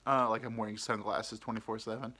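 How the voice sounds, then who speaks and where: A man's voice: fairly low pitch, level tone, fast, pushed and bright. A young man hosting a podcast, telling a rambling, self-deprecating story in casual chat. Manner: rambling, self-deprecating, mimics people he quotes. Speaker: podcast host.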